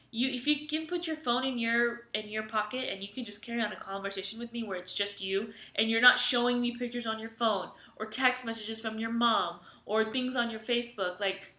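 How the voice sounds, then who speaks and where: An animated young woman co-hosting a podcast, emphatic and full of opinions. Her voice is a little high and bright, and the room is echoey. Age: young adult. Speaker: podcast co-host. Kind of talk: casual podcast chat.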